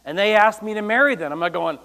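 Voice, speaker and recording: A man pastor from the United States preaching a sermon, animated and acting out quoted lines with loud bursts. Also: high-pitched, fast talker, creaky. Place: church.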